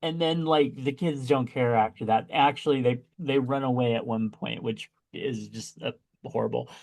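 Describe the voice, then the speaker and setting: A man co-hosting a podcast, chatting casually about a movie with big excited jumps in pitch when he exclaims. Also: moderate pace, creaky. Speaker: podcast co-host. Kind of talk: casual chat reviewing a movie.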